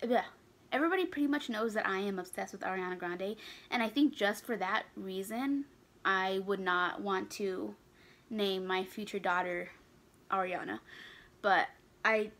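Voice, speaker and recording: A woman's voice: medium pitch, moderate pace, fairly bright tone. A young adult woman chatting casually to her channel in her bedroom, out of breath and rambling from one aside to the next. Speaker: vlogger. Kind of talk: casual chat to camera.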